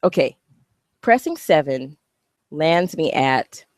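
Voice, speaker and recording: A woman's voice: sits low, lively intonation, slow pace, no echo, clean studio sound. A woman giving a heated, profane, sarcastic rant while reacting to a video. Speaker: online commentator. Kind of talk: ranting reaction commentary.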